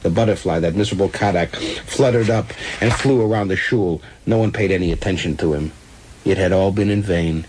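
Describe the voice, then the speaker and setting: A man reading a comic story aloud with animated, comic timing. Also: deep voice, a little fast, a little hiss or hum, low-quality recording.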